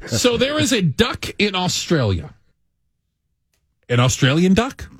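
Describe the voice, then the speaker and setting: A man hosting a morning radio show, joking and animated. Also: high voice, unhurried. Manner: animated, joking, lively delivery.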